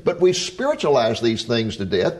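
A man's voice: medium pitch, wildly swooping pitch, moderate pace, darkish tone. An older man hosting an interview in a folksy, chuckling manner. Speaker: host.

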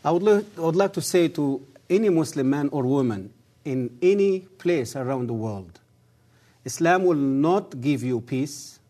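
A man, a guest on the program, giving an earnest testimony and appeal in halting English with non-native grammar, measured and solemn. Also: on the high side, expressive, dark tone.

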